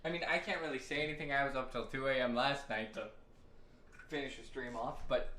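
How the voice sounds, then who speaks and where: A man's voice: medium pitch, expressive, a little fast, pushed and bright. A man streaming live while baking, chatting to himself and to his viewers in a casual way. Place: home kitchen. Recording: roomy kitchen with clear background noise.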